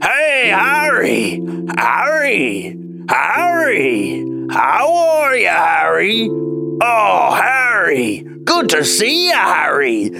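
A man's voice: sits high, wildly swooping pitch, extremely slow, vocal fry, music in the background, pitched above the performer's own voice, full character voice. A man playing a big, hearty figure who bellows friendly greetings. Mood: hearty shouting. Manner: bellowing, boisterous.

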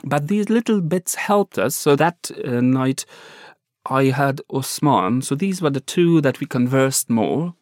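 A middle-aged man, a journalist telling a personal story in an interview in an earnest, halting way with many restarts. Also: mid-range voice, expressive, a little mellow, no echo, studio quality. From Afghanistan. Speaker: journalist guest.

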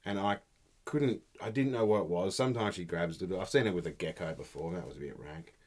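A man's voice: sits low, fairly quick, a little mellow. A middle-aged man, co-hosting a podcast, telling stories in a laid-back, chatty way and swearing freely. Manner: laid-back storytelling, swearing, frequent laughs. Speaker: podcast co-host. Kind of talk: casual chat.

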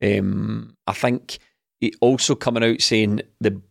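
A man's voice: fairly low pitch, fairly even intonation, slow, gravelly, no echo. Scottish guy on a football podcast, dry close sound, teasing tone. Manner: mocking, laughs while talking. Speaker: podcast co-host. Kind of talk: casual chat.

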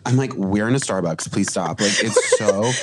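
A man's voice: fairly low pitch, moderate pace, noisy background. A man hosting a casual podcast chat, rambling with lots of filler words and comic complaining. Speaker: podcast host.

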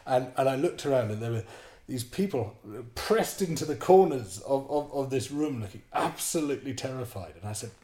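A middle-aged man telling a story casually, full of ums and hesitations, acting out moments with animated energy. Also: mid-range voice, brisk, echoey room. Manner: animated, hesitant with many ums, acts out his own panic. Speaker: podcast guest storyteller.

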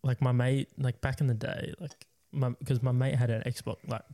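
A man's voice: medium pitch, flat delivery, moderate pace, dark tone. A young man co-hosting a podcast, chatting in a laid-back, swearing way. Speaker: podcast co-host. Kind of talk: casual chat.

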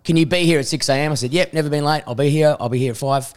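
A man's voice: on the high side, very fast. A young man hosting a podcast, telling a self-mocking, sweary story and laughing through it. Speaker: podcast host. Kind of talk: casual storytelling.

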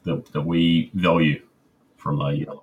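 Deep-voiced man explaining calmly. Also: phone-quality sound. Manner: measured, explanatory, many ums. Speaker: guest, crypto miner. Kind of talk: interview answers.

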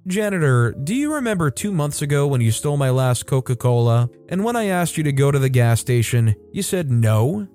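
A man voicing a petty immigrant father who speaks with calm, grinning smugness. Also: medium pitch, brisk, few pauses, faint music behind, lightly acted.

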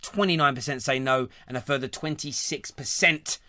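A man's voice: mid-range voice, moderate pace, pushed and bright, dry recording. A man, hosting a show in casual, joking chat. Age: 30s. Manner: chatty, laughing banter. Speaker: host.

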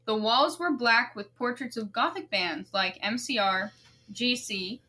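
Young woman, high bright voice, slow giggly reader, casual podcast co-host. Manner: giggly, slow deliberate reading. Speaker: podcast co-host reading aloud. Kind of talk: casual podcast chat, reading a fanfic aloud. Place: dorm room.

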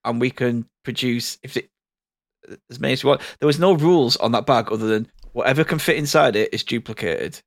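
A man with a gravelly, creaky voice plays a tabletop role-playing game with friends. He checks and talks through the rules in a casual way. The sound is dry and close, with no room echo. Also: mid-range voice, a little fast. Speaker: player.

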